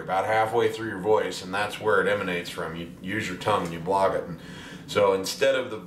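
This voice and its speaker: A man chats casually to his viewers in a rambling, self-deprecating way, often restarting his sentences. His voice sits fairly low and comes from a distance in a roomy space. Faint piano music plays behind him. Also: fairly even intonation, fairly quick, a bit bright, slight background noise. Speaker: pianist and singer, music teacher. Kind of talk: casual video blog talk. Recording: roomy sound from a distant mic.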